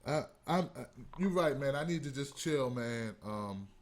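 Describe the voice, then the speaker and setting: A man's voice: medium pitch, expressive, unhurried, crowd noise. Impassioned man ranting on a call-in show. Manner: impassioned, profane, emphatic. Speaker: host. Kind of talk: heated call-in show rant.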